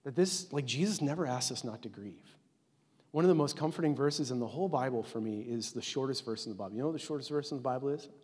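Man, pastor, forties, preaching, earnest, conversational, husky voice, long hall reverb. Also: mid-range voice, fast. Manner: earnest, conversational, with many "like" fillers, dropping to a hush at tender points. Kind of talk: sermon.

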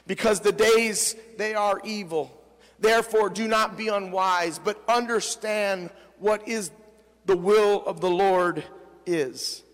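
A man, a pastor, preaching a sermon with emphatic delivery, dropping low and soft at the ends of phrases. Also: fairly even intonation, takes it slowly, in a large hall. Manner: emphatic preaching, rising in pitch on quoted lines.

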